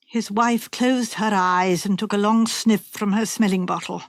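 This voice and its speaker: A woman with a mid-range voice narrates a mystery audiobook from a script in a measured, even storytelling manner, in clean studio sound with no room sound.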